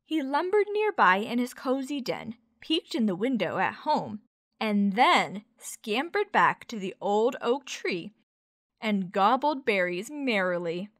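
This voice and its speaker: A woman teacher reading a children's picture book aloud, expressive and gentle, pausing to explain words. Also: a little high, dry recording, clean studio sound. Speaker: teacher, storyteller. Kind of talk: children's story read-aloud.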